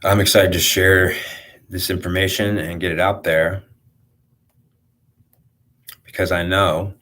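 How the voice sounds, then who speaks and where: A man giving a rambling spiritual monologue, halting often with restarts and repeated words. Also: low voice, little pitch movement, fairly bright tone.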